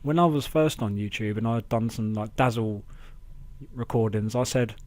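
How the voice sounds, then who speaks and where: A man hosting a casual wrestling review podcast, chatty and excitable, talking into a close mic at home. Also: lowish voice, moderate pace, dry recording. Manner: chatty, excitable, acts out quotes in raised voices. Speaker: podcast host.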